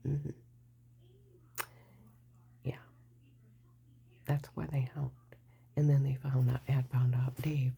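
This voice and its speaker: A woman's voice: a bass voice, level tone, slow pace, gravelly, long pauses, dark tone, husky. An older woman giving a rambling, agitated personal account, mostly in a whisper. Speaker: vlogger telling her story.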